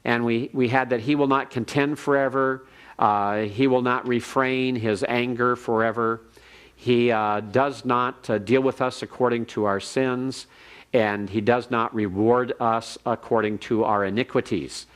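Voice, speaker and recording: A man lecturing on Hebrew grammar to a class, explaining step by step and reading phrases slowly for the students to repeat. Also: mid-range voice, steady tone, clear, resonant tone. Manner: methodical, reads Hebrew slowly for repetition.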